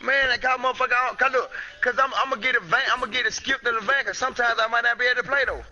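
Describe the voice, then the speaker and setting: A man streaming a console game from home, trash-talking his friends in loud, profane, boastful banter over a headset. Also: extremely high pitch, fairly even intonation, very fast. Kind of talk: casual trash talk over game chat. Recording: muffled lo-fi stream audio.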